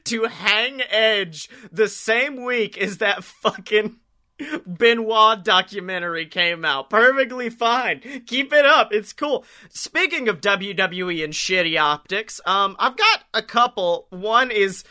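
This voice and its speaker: Guy with a high bright voice, swearing and laughing through wrestling gossip. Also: expressive, takes it slowly. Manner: profane, laughs often while telling stories. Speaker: podcast co-host. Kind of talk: casual wrestling chat.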